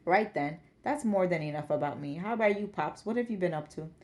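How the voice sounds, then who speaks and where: A woman's voice: lowish voice, lively intonation, fairly quick, a little mellow, natural voice. A woman voicing a grown-up academic daughter who talks to her father with fond exasperation. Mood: caring.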